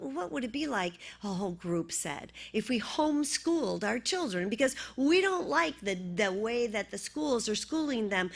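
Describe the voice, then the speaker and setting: A middle-aged woman minister preaching a sermon, telling a story and often dropping to a hushed half-whisper. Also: medium pitch, vocal fry, breathy edge.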